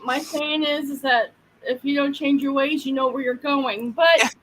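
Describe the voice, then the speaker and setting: A woman's voice: high-pitched, fairly even intonation, unhurried, a little hiss or hum, low-quality recording. A middle-aged woman from Oklahoma co-hosting a podcast, trading wry, teasing banter in casual chat. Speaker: podcast co-host.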